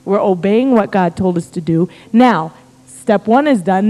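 A middle-aged American woman, a missionary, telling a story in a sermon with humor and a conversational, animated manner. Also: medium pitch, a little slow. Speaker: missionary guest speaker. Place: church sanctuary. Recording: reverberant church hall.

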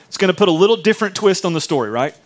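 A man preaching a sermon in a conversational way, retelling a Bible story with lively asides to the congregation. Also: sits high, racing. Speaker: pastor.

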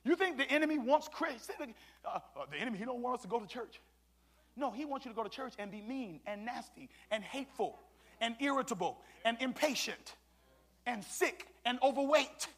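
A man preaching a sermon as pastor, swinging from shouted exhortation to hushed asides, with colloquial church call-and-response. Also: very high-pitched, lively intonation, moderate pace.

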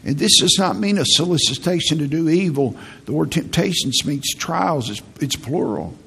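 Raspy, gravelly-voiced preacher man. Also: a little high, normal speed. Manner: folksy, animated preaching with repeated words. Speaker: pastor. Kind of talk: sermon.

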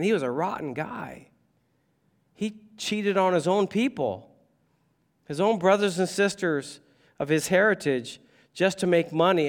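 A man preaching a sermon, animated and conversational, with humor and asides to the congregation. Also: a little high. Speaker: pastor.

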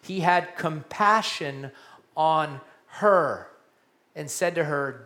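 A man preaching a sermon, animated, repeating key phrases and dropping to a hushed voice for emphasis. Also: a little high, very slow. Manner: animated preaching, repeats key lines, drops to quiet soft tones for emphasis. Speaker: pastor.

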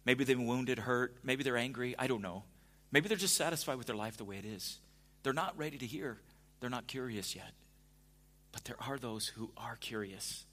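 A man preaching a sermon in a conversational way, dropping to a hush at times and rising to emphatic points. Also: medium pitch, lively intonation, fairly quick. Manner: conversational, swings from hushed to emphatic. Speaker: pastor.

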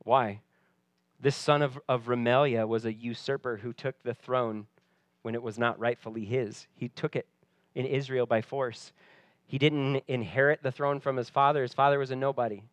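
Male preacher, mid-pitched, expressive sermon delivery, dry close mic. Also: moderate pace, no room sound. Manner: expressive, drops to soft voice for quoted lines. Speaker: pastor.

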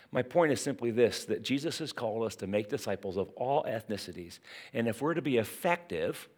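A man delivering a sermon in a lively, conversational style. His pitch rises and falls freely as he throws out questions and asides to the congregation, shifting between punchy emphasis and quiet, drawn-out lines. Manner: animated, conversational preaching with rhetorical questions and asides. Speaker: pastor.

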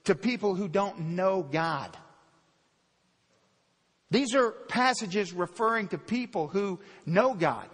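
A man preaching a sermon, emphatic and repetitive, swinging between loud declarations and quiet storytelling in a church. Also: high voice. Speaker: pastor. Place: church sanctuary. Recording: long hall reverb.

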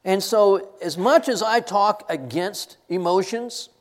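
A man's voice: high voice, slow pace. An older man teaching from a Bible passage to students in a sermon style, laughing and getting choked up as he tells stories. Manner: animated, laughs and chokes up while telling stories. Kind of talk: classroom sermon.

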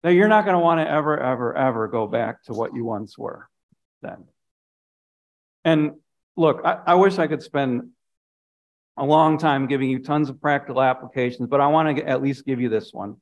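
A man's voice: mid-range voice, normal speed, highs cut off. A man, a pastor, preaching a sermon earnestly, often repeating phrases and dropping his voice for emphasis.

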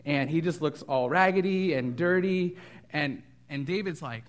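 A man preaching a casual, animated sermon as a guest pastor, with frequent fillers and restarts. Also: fairly high pitch, a little slow.

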